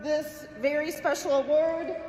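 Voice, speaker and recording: A woman's voice: high voice, steady tone, unhurried, dark tone. A woman with a Minnesota accent, a state representative, filming a hesitant report on her phone in an indoor hall. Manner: plain, hesitant, with many ums. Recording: echoey hall phone recording.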